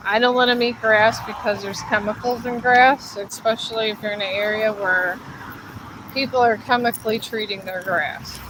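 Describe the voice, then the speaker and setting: Out on a hilly street walk, a woman livestreams as she walks her dog, sounding worn out and grumbly while coaxing it uphill in a casual live vlog. Her fairly high voice holds fairly even intonation at a moderate pace, with background noise around her.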